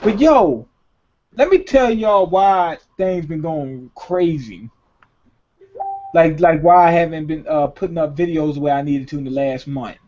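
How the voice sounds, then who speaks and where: Young guy ranting about his money troubles, swearing a lot, kinda high voice, dull lo-fi audio. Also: a little slow, slight background noise. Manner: profane, animated storytelling with acted-out quotes. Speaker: podcast host. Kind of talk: casual chat. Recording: dull lo-fi recording.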